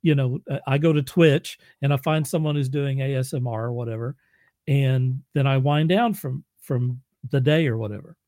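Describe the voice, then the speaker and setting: A man's voice: mid-range voice, normal speed, dark tone, dry recording, studio quality. A man hosting an interview, curious and affirming, often stammering through restarts. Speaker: interview host. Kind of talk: casual interview.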